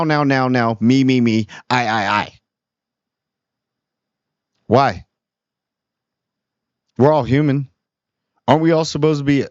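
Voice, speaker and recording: A man's voice: medium pitch, no echo. Earnest rambling man on a dull recording. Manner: earnest, preachy, rambling with many restarts. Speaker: small YouTube channel host. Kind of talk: casual unscripted monologue.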